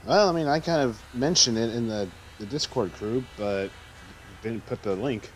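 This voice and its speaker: A man's voice: medium pitch, moderate pace, slight background noise. A man co-hosting a casual let's play stream, teasing his partner and laughing easily. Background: game music.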